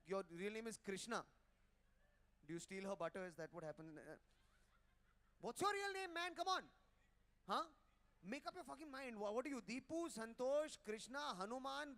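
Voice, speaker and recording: A man's voice: high-pitched, fairly bright tone, clear, resonant tone. A man doing live stand-up, brash and teasing as he works the crowd on a handheld mic at a hotel ballroom event. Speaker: stand-up comedian.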